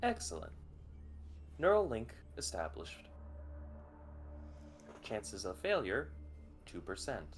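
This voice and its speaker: A man's voice: on the low side, wildly swooping pitch, slow, pauses often, soft background music, heavily acted. A man voicing a mechanical alien scarab that speaks in clipped, robotic announcements inside someone's head.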